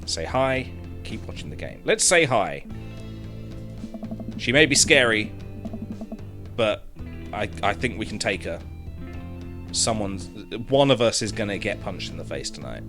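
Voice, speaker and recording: A man commentating a dating game, reading its text aloud with sarcastic, animated asides, his throat hoarse. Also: fairly low pitch, unhurried, long pauses, music in the background. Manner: animated, sarcastic, swears freely. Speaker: gaming streamer.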